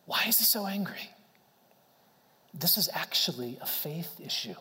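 A man's voice: high-pitched, big pitch swings, normal speed, pauses often, fairly bright tone. Earnest male pastor in a reverberant hall. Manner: earnest preaching, stumbling restarts, rhetorical questions. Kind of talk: sermon.

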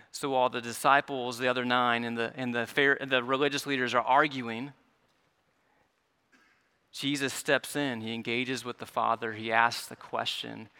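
A male pastor preaching a sermon in an earnest way, often repeating words as he restarts, dropping soft and rising again. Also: mid-range voice, fairly even intonation, moderate pace, clear, resonant tone. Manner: earnest, stumbling repetitions, drops soft then rises.

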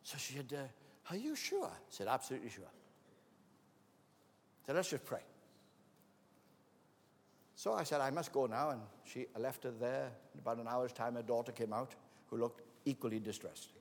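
A man's voice: medium pitch, normal speed, long pauses, slight background noise. A man preaching a sermon, telling stories and acting out the voices of the people in them. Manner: anecdotal, acts out quoted voices. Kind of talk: sermon with storytelling. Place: church hall. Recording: long reverb of a large hall.

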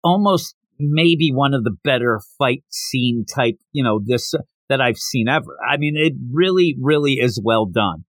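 A man hosting a podcast, recapping a comic in animated casual talk and acting out the lines. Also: mid-range voice, unhurried, no room sound. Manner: animated, acts out quotes. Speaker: podcast host.

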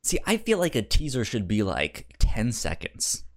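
A man's voice: medium pitch, huge pitch swings. A man co-hosting a casual podcast chat, stumbling through restarts and fillers, with the hiccups. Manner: halting, many restarts and fillers. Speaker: podcast co-host.

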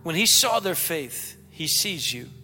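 Preacher guy, real bright sharp voice, shouts now and then, echoey church with music under. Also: on the high side, a little slow. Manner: excitable preaching with shouted bursts. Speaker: pastor. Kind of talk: sermon.

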